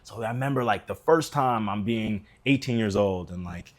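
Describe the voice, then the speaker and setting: A man's voice: on the low side, moderate pace. An American man on a podcast, telling a personal story in a casual way and acting out the quoted lines. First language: English. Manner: animated storyteller, acts out quoted dialogue. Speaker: podcast guest.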